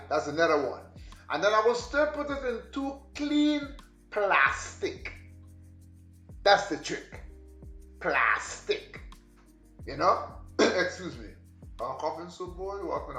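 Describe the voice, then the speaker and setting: A man's voice: fairly high pitch, fairly bright tone. Chatty man in an echoey room. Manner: rambling, chatty, addresses viewers directly. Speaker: vlogger. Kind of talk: casual home tour vlog. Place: home room and kitchen. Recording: echoey room, faint music behind.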